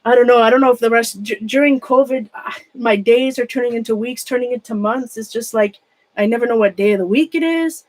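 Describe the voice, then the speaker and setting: A woman with a fairly high voice talks casually to viewers who are watching her live. She drifts from thought to thought, often breaks off mid-sentence and starts over, and pokes fun at herself as she goes. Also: fairly quick, a little mellow. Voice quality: rambling, trails off and restarts mid-sentence. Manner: chatty and self-mocking, laughs often. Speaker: craft room vlogger. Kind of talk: casual live-stream chat.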